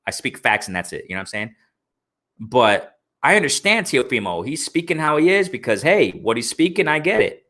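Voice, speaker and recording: A man's voice: medium pitch, sing-song, brisk, sharp tone. A man hosting a live boxing talk stream, ranting heatedly with slang, repeating himself and answering his chat. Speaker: boxing talk show host. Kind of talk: live-stream commentary and rant.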